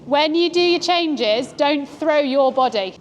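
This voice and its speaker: A woman giving calm, encouraging instructions as a riding coach. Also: high-pitched, slow. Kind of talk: coaching a rider. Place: outdoor riding arena.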